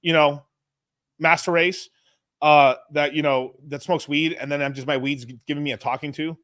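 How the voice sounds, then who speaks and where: A man's voice: a little high, normal speed, no room sound, clean studio sound. A young man hosting a podcast, rambling and swearing as he riffs in casual chat. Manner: rambling, profane, animated storytelling. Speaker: podcast host.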